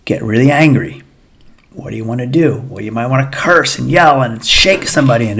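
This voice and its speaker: A man's voice: mid-range voice, brisk, vocal fry, fairly bright tone. A man, a physical therapist, talking to viewers in a casual, earnest coaching monologue about feeling emotions in recovery. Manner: earnest, repetitive, coaching tone addressing viewers as guys. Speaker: physical therapist giving pain recovery advice. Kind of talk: casual educational monologue to camera.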